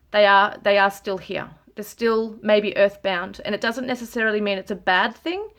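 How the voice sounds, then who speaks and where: A woman's voice: mid-range voice, a bit bright. A woman tarot reader talking casually and earnestly, thinking aloud with fillers and small self-corrections. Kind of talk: casual spiritual commentary.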